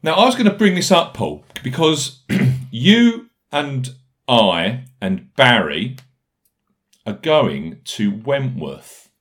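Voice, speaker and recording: A man hosting a casual podcast, brisk and jokey, reading out notes and listener reviews between banter. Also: medium pitch, big pitch swings, fairly bright tone. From United Kingdom. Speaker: podcast host.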